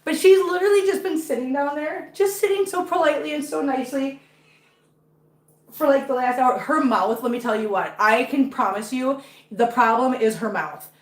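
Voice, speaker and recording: A woman's voice: high voice, normal speed, echoey room, rough recording. A woman chatting casually on a home livestream, talkative and emotional, fretting openly. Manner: chatty and emotional, anxious about her cat. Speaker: cat-owning live streamer. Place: home with many cats.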